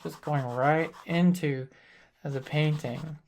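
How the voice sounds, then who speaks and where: A man leads a painting lesson in a slow, unhurried delivery. His voice has a gravelly rasp, and he talks through each step calmly and deliberately, like someone working at the easel as he speaks. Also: fairly high pitch, slight background noise. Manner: thinks aloud while working, calm and deliberate. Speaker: painting instructor. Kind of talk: live painting demonstration.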